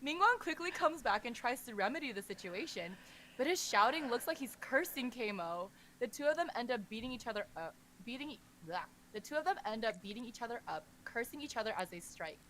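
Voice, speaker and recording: A woman's voice: on the high side, expressive, fairly quick, fairly bright tone, slight background noise. A woman co-hosting a podcast who recaps a novel in a chatty way, stopping to react as she goes. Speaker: podcast co-host. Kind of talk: casual story recap.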